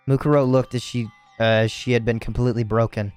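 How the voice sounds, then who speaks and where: A man's voice: medium pitch, steady tone, a little fast, few pauses, darkish tone, clear, resonant tone, soft background music. A tired man reading a video game's story aloud, stumbling over words and correcting himself with casual asides. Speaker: let's play narrator.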